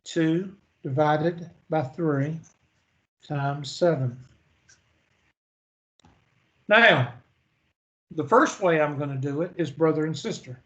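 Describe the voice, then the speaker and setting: A man's voice: fairly high pitch, slow, long pauses, fairly bright tone, highs cut off. A man teaching a math lecture in a folksy manner, asking the class questions and answering them himself. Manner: folksy, storytelling, asks and answers own questions. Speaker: math instructor.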